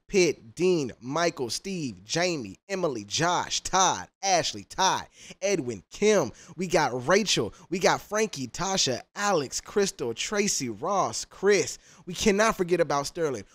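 Male reaction streamer, brash slang and cursing, voice swings widely up and down. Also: fairly high pitch. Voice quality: animated, profane, trash-talking slang. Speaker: music reaction YouTuber. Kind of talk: casual reaction commentary.

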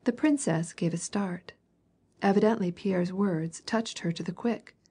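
A woman reads a classic novel aloud in steady, measured narration. Her voice is mellow and warm, with a soft, breathy huskiness. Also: medium pitch. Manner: even, measured storytelling. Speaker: audiobook reader.

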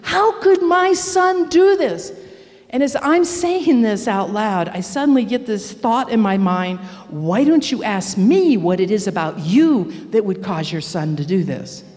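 A woman's voice: medium pitch, animated, a little slow, few pauses, mellow. A middle-aged woman telling a candid, confessional story in a sermon at a church speaker event. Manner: earnest, confessional, candid about her faults. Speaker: speaker at a prayer seminar. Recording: long reverb of a church hall.

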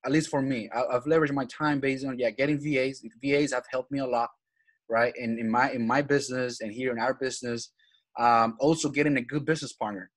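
A man's voice: mid-range voice, fairly even intonation, brisk. A man from Venezuela, a guest in a casual interview who talks with energy and keeps repeating his main points, often adding "right?" and "man". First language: Spanish. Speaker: guest, real estate acquisitions manager.

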